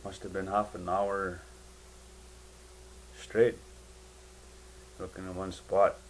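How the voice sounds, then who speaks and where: A man giving a personal spiritual testimony in a halting, rambling way, full of fillers and restarts. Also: low-pitched, little pitch movement, a little hiss or hum, low-quality recording.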